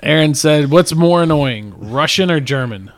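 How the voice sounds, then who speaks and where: A man's voice: a little high, lively intonation, normal speed. A man co-hosting a casual podcast chat, joking and steering the questions. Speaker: podcast co-host.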